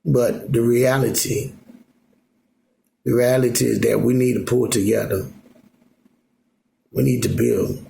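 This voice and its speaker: A man with a gravelly, creaky voice rambles into his phone camera from home. His talk is loose and repetitive, full of filler phrases and restarts, at a middling pitch. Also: steady tone, unhurried, pauses often, mellow, slight background noise. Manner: loose, repetitive, full of "you know what I'm saying". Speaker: vlogger. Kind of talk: rambling casual monologue. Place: at home in Alaska.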